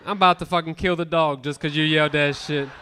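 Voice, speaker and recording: A man in his thirties doing profane, animated stand-up comedy on a club stage, bantering with the crowd. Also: a little high, fast talker, clean tone. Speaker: stand-up comic.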